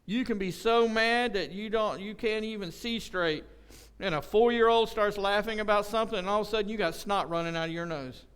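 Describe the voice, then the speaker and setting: A high-pitched male preacher with a smooth, resonant voice. He delivers a loose, conversational sermon full of jokes and homespun stories, slipping into little acted-out voices for the people in them. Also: fairly quick, few pauses, a bit bright. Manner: joking, folksy storytelling with acted-out quotes. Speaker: pastor. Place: church service.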